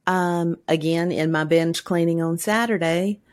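A woman's voice: fairly low pitch, steady tone, measured pace. A woman co-hosting a podcast in casual chat, telling stories bluntly and animatedly, swearing freely. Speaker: podcast co-host.

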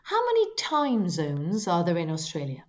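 A woman's voice: moderate pace, dull audio. A woman co-hosting a casual podcast, playfully teasing as she runs a trivia quiz. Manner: playful and teasing, lively pitch jumps. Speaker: podcast co-host running a quiz; teacher. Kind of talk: casual chat.

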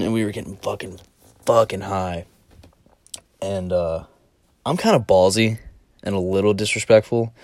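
A man's voice: lowish voice, a little mellow, no echo, clean studio sound. A young man hosting a podcast who tells a rambling, profane story in a laid-back, casual way. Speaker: podcast host.

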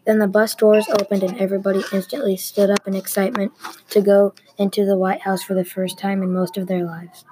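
A woman reading a story aloud at an even, unhurried pace, with small restarts. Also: medium pitch, a little hiss or hum, poor audio. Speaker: story reader.

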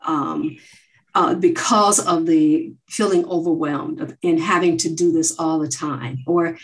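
Middle-aged woman guest, lowish pitch, earnest and measured, filler-heavy. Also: fairly even intonation, rough recording. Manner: earnest, measured, frequent "you know" fillers. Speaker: researcher guest. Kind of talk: interview answers.

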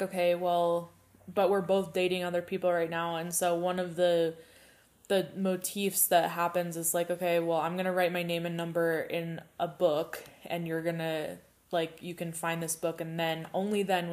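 A young woman co-hosting a podcast in casual chat, rambling and animated, swearing casually. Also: fairly low pitch. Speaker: podcast co-host.

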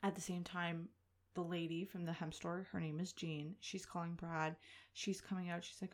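A woman in her thirties, a podcast host chatting through a personal story in an animated way, full of filler words. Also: fairly low pitch, normal speed.

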